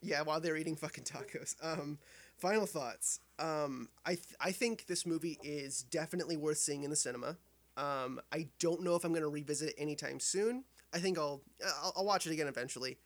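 A man's voice: a little high, a little fast. A man co-hosting a podcast film review in casual chat, rambling with many fillers and restarts and laughing easily.

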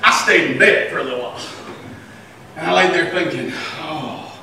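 A man preaching a sermon as pastor, animated, swinging between loud and quiet. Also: on the high side, brisk, gravelly, noisy background. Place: church sanctuary. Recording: echoey church hall from a distant mic.

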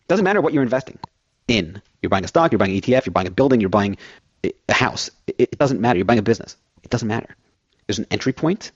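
Fast-talking man hosting finance radio. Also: mid-range voice, husky, no room sound, dull audio. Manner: fast-talking, rambling with everyday analogies. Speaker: fill-in radio host.

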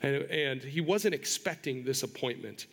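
Earnest pastor preaching in a reverberant hall. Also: male voice, mid-range voice, lively intonation, a bit bright. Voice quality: bald. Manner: earnest, halting, repeats words often. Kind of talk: sermon.

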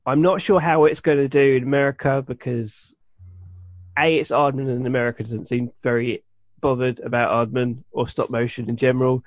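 A man's voice: medium pitch, little pitch movement, a little fast, no echo. A man co-hosting a podcast, chatting casually and rambling with many restarts and fillers. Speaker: podcast co-host. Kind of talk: casual chat. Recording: dull lo-fi sound.

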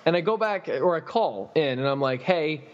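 A man's voice: on the high side, brisk, noisy background. Man telling a profane, laughing story. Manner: laughing, profane, animated retelling. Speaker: podcast storyteller. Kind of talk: casual storytelling. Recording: dull recording with long reverb.

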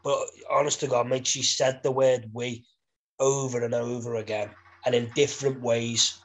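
A man's voice: medium pitch, flat delivery, moderate pace, poor audio. Laddish young Liverpool man bantering. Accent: Liverpool English. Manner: laddish, swears freely, laughs a lot. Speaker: podcast co-host. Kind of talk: casual banter.

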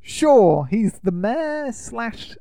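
A man co-hosting a podcast, teasing and steering the chat along. His voice has a gravelly, fry-laden edge. The recording is dry and close. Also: extremely high pitch, sing-song, extremely slow, dark tone, no room sound. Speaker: podcast co-host. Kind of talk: casual chat.

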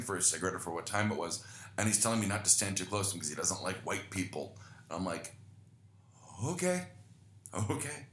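A man's voice: deep voice, pushed and bright, roomy sound. A young man hosting a podcast, telling rambling, self-deprecating stories with lots of swearing in casual chat. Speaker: podcast host. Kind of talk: casual storytelling monologue.

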